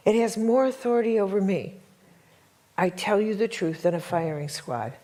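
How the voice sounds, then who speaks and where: A woman's voice: on the low side, expressive, moderate pace, mellow. A middle-aged woman telling a dramatic story to a workshop audience, emphatic and full of repetitions. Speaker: workshop teacher.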